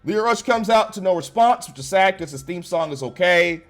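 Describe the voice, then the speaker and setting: A man tears into a wrestling show with blunt, sweary sarcasm. His voice sits a little high for a man. Soft music plays faintly behind him. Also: lively intonation, moderate pace. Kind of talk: profane ranting review.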